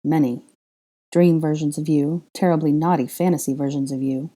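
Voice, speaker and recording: A haughty young wizard nobleman, put on by a woman reading a story aloud. He talks in formal, clipped, mock-stern phrases in a low, mellow voice. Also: fairly even intonation, moderate pace. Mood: teasing. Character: haughty, teasing young aristocratic wizard man.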